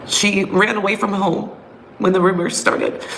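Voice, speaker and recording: A woman's voice: mid-range voice, steady tone, measured pace, gravelly, fairly bright tone, a little hiss or hum, rough recording. A middle-aged woman recounting a painful memory from her past in a raw, emotional way. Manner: emotional, raw confessional retelling. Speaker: storyteller. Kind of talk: personal storytelling. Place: her bedroom at home.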